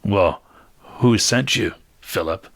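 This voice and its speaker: A man's voice: fairly low pitch, takes it slowly, fairly bright tone, no room sound, heavily acted. A man doing a cocky, menacing tough guy. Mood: boastful. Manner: boastful, threatening. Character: cocky, menacing adult man boasting over a meal.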